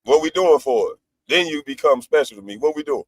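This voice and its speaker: A man's voice: a little high, expressive, fairly quick. A middle-aged man hosting a livestream, ranting boastfully and profanely at his critics. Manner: boastful, profane, trash-talking. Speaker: livestream host. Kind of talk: brash livestream rant.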